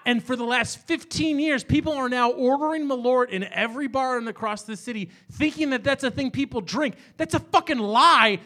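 A man's voice: very high voice, normal speed, hardly any pauses, pushed and bright. A middle-aged man hosting a live comedy talk show in a small bar, rambling and self-deprecating, working up into exasperated rants. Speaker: host.

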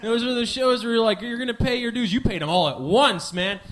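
A man's voice: very high-pitched, a little fast, fairly bright tone, a little hiss or hum. A man in his twenties from the American Midwest, hosting a podcast with a rambling, profane, self-mocking comedic monologue. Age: 20s. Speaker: podcast host.

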